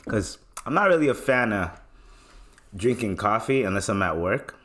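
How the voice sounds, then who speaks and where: A young man from Canada hosts his own podcast, his voice sitting a little low. He talks loosely and rambles, full of slang and casual swearing. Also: animated, normal speed, fairly bright tone. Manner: laid-back, swears often, slangy, rambling. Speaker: podcast host. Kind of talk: casual solo podcast talk.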